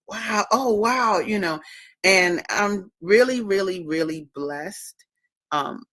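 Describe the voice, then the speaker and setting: A woman with a low voice hosts a casual livestream in an emphatic, preachy way, leaning on repeated words to drive each point home. Her voice sits close and dry, with no room sound around it. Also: fairly bright tone, no echo. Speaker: host and author.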